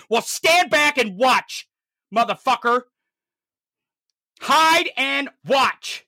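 A commentator delivering an angry, profanity-heavy political rant, swinging from low growls to shouts. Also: expressive, drawn-out words, long pauses, dry recording, clean studio sound.

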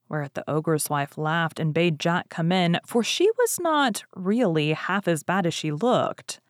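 Give me a woman storyteller in a lower register, reading a fairy tale aloud with lively expression. The sound is dry, with no room echo.

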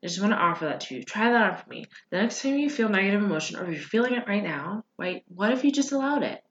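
A woman's voice: medium pitch, lively intonation, quick pace, a little hiss or hum. A woman hosting a podcast, talking casually and earnestly to listeners, reassuring them and often checking in with "right?". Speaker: podcast host and coach. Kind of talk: casual motivational talk. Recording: roomy, dull lo-fi sound.

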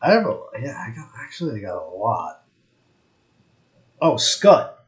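A man co-hosting a podcast in casual chat, blunt and dismissive, often speaking quietly. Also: medium pitch, big pitch swings, a little slow. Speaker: podcast co-host. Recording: slightly dull lo-fi audio.

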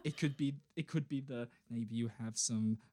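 A podcast co-host in casual chat, joking, swearing and riffing with animated energy. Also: medium pitch, moderate pace. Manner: animated, jokey, swears freely.

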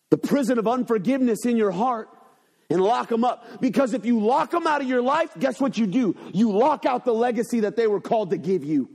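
A man preaching a sermon to his congregation from a church, swinging between loud, urgent passages and low, hushed ones, with call-and-response phrases. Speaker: pastor. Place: church sanctuary.

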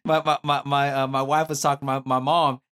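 A man in his thirties chatting casually as a co-host, rambling with many restarts and now and then breaking into excited yelling. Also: mid-range voice, a little fast, smooth. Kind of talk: casual chat.

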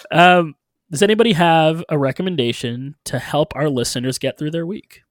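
A man's voice: on the high side, moderate pace, dry recording, studio quality. A man hosting a casual podcast chat, laid-back and joking as he leads the segments. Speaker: podcast host.

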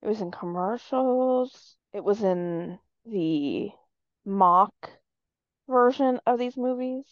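A woman co-hosting a podcast in casual chat, quick to shoot down slang she dislikes. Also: mid-range voice, animated, no echo, dull audio. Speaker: podcast co-host.

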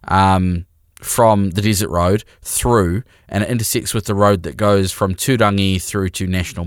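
A young New Zealand man with a lowish, smooth, resonant voice, chatting casually as a podcast co-host. He tells his story in a rambling, self-deprecating way, and the sound is dry and close with no room echo. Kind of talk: casual chat.

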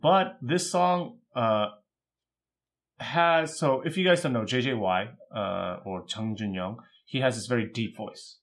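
A man co-hosting a podcast, chatting casually about music in a relaxed way, with lots of filler words. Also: medium pitch, unhurried. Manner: relaxed, thoughtful music commentary with many fillers. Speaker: podcast co-host. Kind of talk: casual chat.

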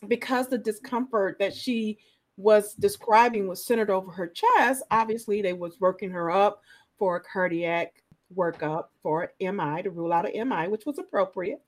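A woman nurse specialist telling stories from her work in a relaxed interview, acting out the people in them. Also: medium pitch. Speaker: guest, clinical nurse specialist in pain. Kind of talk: conversational storytelling in a podcast interview.

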